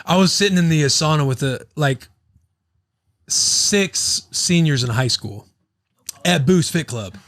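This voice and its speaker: A man's voice: on the high side, animated, unhurried, pauses often, fairly bright tone, no echo, clean studio sound. A man in his thirties hosting a podcast, rambling and joking, with casual swearing and a loose ad read. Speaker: podcast host.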